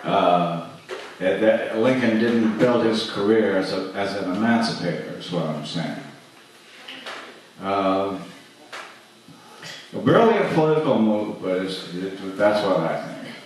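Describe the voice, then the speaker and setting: A man delivers a stand-up set slowly and haltingly, with frequent uhs and restarts. His voice sits low. He is caught from a distance in a very echoey comedy club, with faint noise behind him. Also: expressive. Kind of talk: open-mic stand-up set. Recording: echoey club miked from afar.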